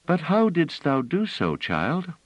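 Gentle formal woman voiced by a man, raised pitch, old-fashioned courtly phrasing, storybook reading. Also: huge pitch swings, takes it slowly, no room sound, dull audio, heavily acted. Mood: curious. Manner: soft, archaic, gently formal.

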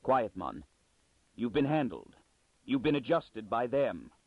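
A man reading the part of a calm, firm male scientist who speaks steadily. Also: mid-range voice, takes it slowly, slightly rough, no room sound, heavily acted. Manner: steady, reassuring. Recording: dry, phone-like narrow sound.

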